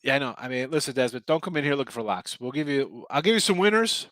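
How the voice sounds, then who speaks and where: A tired middle-aged man yawns as he hosts a sports betting show, chatting casually with viewers in a rambling livestream style and correcting himself. His mid-range voice is expressive and a little bright, he talks fast, and the recording is dry.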